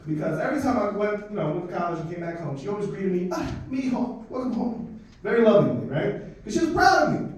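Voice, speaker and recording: A man of Dominican heritage doing a stand-up set, telling an animated, profane story and working the crowd. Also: high-pitched, quick pace, hardly any pauses. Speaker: stand-up comedian. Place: comedy club stage. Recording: echoey club from a distance.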